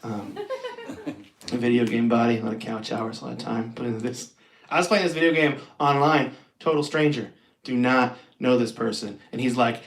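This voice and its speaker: A man's voice: mid-range voice, moderate pace, creaky. A man in his twenties doing a self-deprecating stand-up set with a conversational delivery, laughing between jokes. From Pacific Northwest of the US. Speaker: stand-up comedian. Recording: roomy live stream audio.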